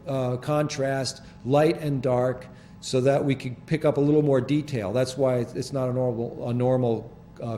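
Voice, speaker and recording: A man hosting a public access TV show from a studio, talking casually over his photos in a rambling, halting way with many restarts. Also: mid-range voice, a little mellow, slight background noise.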